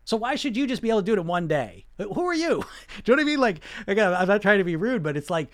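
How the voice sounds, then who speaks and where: A man's voice: high-pitched, very animated, rapid-fire. A man talking as a weight loss coach in a casual way, blunt and full of rhetorical questions, often laughing. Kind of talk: casual coaching talk to viewers.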